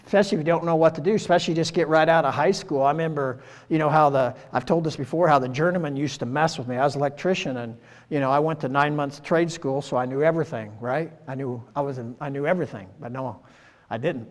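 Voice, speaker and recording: A man in his sixties delivers a casual, folksy sermon, often tossing in "right?" and "you know". His voice sits a little high for a man. It rings with a long reverb, as in a large church hall. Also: fast talker. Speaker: preacher. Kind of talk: conversational sermon.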